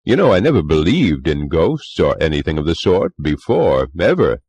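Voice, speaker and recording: A man's voice: extremely low pitch, very animated, normal speed, a little mellow, slightly rough, no room sound, heavily acted. A man reading a story voices a middle-aged clubman who earnestly and wryly tells of a ghost he met. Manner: musing, confiding, wry. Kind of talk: audiobook character reading.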